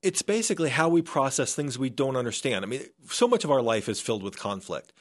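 A man of middling pitch speaks as a scientist guest on a radio interview. He explains things earnestly, often stumbling and restarting mid-sentence. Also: very animated, quick pace. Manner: earnest, with frequent restarts and fillers.

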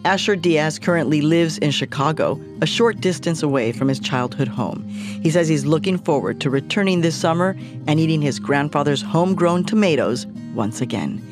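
A woman hosting a radio show, reading scripted links in a lively way with Spanish phrases mixed in. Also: low-pitched, moderate pace, music in the background.

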